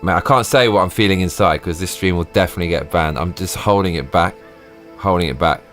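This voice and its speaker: A man live streaming, ranting and swearing in excited bursts. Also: sits low, fast talker, soft background music. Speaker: livestreamer.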